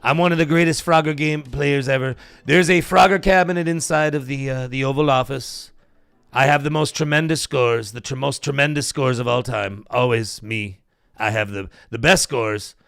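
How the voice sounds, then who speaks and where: A man's voice: medium pitch, fairly even intonation, moderate pace, gravelly, a bit bright, smooth, no room sound. A man doing an impression of a boastful older male politician, rambling with repeated superlatives.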